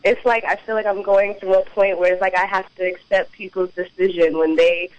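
A woman's voice: medium pitch, flat delivery, brisk, no room sound. A woman in her twenties calling a radio show by phone, talking in a giggly, hesitant way with many fillers. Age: 20s. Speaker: caller. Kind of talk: call-in radio conversation. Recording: phone line.

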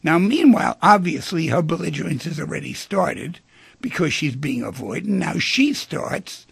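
A man hosts a call-in radio show with a heavily gravelly, rough-textured voice that has a breathy edge. His pitch swings widely as he tells stories and acts out dialogue, and the sound is close and dry. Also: lively intonation, normal speed, no echo. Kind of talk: talk radio discussion.

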